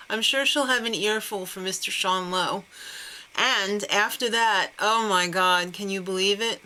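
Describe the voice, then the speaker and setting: A woman's voice: mid-range voice, bright, forceful tone, a little hiss or hum. A woman hosting a casual TV recap, sarcastic and laughing often. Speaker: TV recap host.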